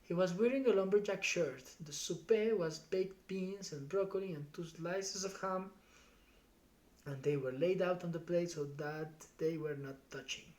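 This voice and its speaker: A streamer reading a novel aloud live in steady first-person storytelling. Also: medium pitch, normal speed.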